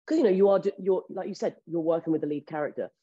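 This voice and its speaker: A woman with a lowish, mellow voice, speaking quickly and candidly as an actress in a casual interview. She swears casually along the way. The audio is dull and lo-fi. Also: husky.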